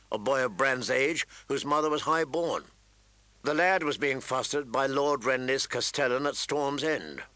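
A man reading fantasy narration as an audiobook narrator, with a steady, even storytelling delivery. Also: medium pitch, dry recording.

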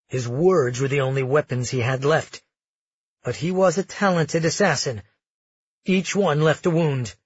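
A man narrating a fantasy novel in a steady, measured reading. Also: on the high side, breathy edge, no room sound, dull audio. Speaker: audiobook narrator. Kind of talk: scripted narration.

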